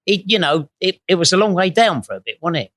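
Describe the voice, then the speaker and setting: A man's voice: sits high, sing-song, fast talker, fairly bright tone, no echo. A middle-aged man, a guest telling blunt, sweary, rambling stories full of tag questions. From England. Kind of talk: anecdotal storytelling before a live audience.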